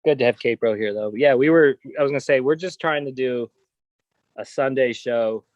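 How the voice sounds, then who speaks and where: A man's voice: medium pitch, moderate pace, highs cut off. Blunt ranting man host. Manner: blunt, gets worked up ranting. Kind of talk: casual livestream chat.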